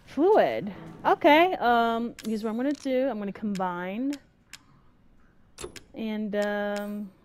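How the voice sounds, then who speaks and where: A woman's voice: medium pitch, animated, takes it slowly, slight background noise. Swearing young woman playing horror. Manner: swearing, jumpy, talks to the game. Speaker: gamer. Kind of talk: horror game commentary.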